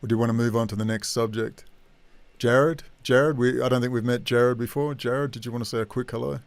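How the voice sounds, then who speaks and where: A man's voice: mid-range voice, fairly even intonation, fairly quick, dry recording. An Australian man hosting a casual live-stream chat, talking in a rambling, blunt, slangy way. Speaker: host of a live online chat.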